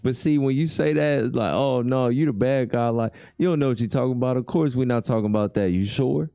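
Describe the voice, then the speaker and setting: A man's voice: medium pitch, fast, vocal fry, warm tone, no room sound, faint music behind. A man hosting a casual livestream chat, laid-back and reading viewer comments aloud. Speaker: livestream host.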